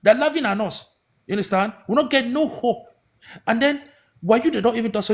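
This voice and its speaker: A Cameroonian man with a Cameroonian Pidgin English accent hosts a livestream, speaking briskly in an extremely high-pitched voice. His political commentary rambles, full of restarts and rhetorical questions.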